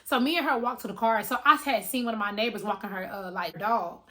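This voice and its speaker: A woman telling a story to her viewers in a casual, animated way, full of slang and swearing. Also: fairly high pitch, fast. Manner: animated, slangy and profane, addressing viewers directly. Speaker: storytime vlogger.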